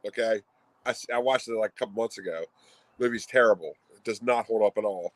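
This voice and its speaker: A man's voice: on the low side, quick pace, dry recording, low-quality recording. A man co-hosting a casual stream about collecting, talking bluntly and opinionatedly, often restarting his sentences. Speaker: co-host of a video collecting stream. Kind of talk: casual chat.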